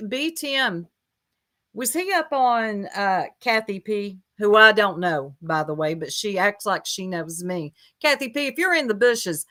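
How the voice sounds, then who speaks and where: A woman's voice: mid-range voice, bright, forceful tone. A woman giving sarcastic reaction commentary on a clip, mocking it with asides to her viewers. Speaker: commentary streamer.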